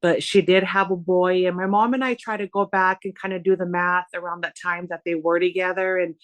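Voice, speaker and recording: A woman in her forties, a guest on a podcast interview, telling stories in an animated, chatty way and acting out remembered dialogue. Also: lowish voice, a little fast, no room sound. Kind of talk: personal storytelling in interview.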